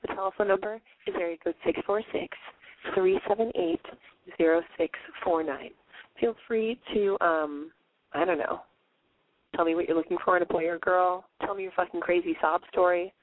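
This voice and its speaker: A hoarse woman hosts a late-night call-in radio show, talking brashly and playfully with plenty of swearing. Her voice comes through dry and thin, as if squeezed through a phone line. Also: lowish voice, normal speed, no echo. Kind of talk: casual call-in radio chat. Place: bedroom, on the floor. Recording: dry, phone-like narrow sound.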